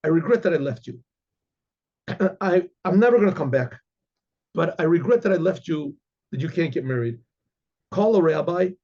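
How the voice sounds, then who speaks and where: A man voicing a rough-tempered adult male carriage driver, retold in a storyteller's quote. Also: on the high side, animated, normal speed, pauses often, dark tone, highs cut off. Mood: remorseful.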